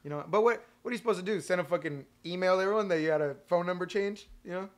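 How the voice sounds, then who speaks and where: A man co-hosting a casual podcast, telling a story in an animated, profane way. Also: high voice, very fast. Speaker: podcast co-host, band member.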